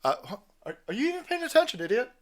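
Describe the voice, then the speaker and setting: A man's voice: very high voice, sing-song, rapid-fire, fairly bright tone. A man giving crude, mocking reaction commentary, ranting and swearing. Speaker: online commentator.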